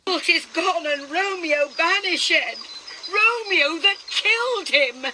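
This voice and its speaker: A woman's voice: very high-pitched, slow, background noise. A woman reading the part of Juliet's nurse, lamenting and declaiming Shakespeare verse. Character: Juliet's grieving older nurse.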